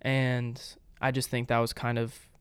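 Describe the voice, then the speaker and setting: A man's voice: mid-range voice, completely flat delivery, unhurried, clear, resonant tone, dry recording, studio quality. A man co-hosting a casual podcast, earnestly explaining a Bible passage with frequent fillers and restarts. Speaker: podcast co-host.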